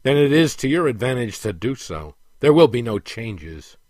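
A man voicing a cruel, contemptuous overseer who speaks slowly and menacingly, in a dry recording. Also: mid-range voice, big pitch swings, darkish tone, no room sound, lightly acted. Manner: cold and menacing. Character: cruel, contemptuous male slave-master soldier.

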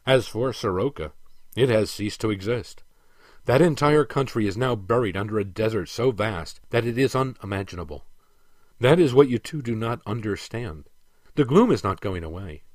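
A man reading the part of a stern aging emperor who lectures and commands with measured authority. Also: lowish voice, animated, dry recording, clean studio sound.

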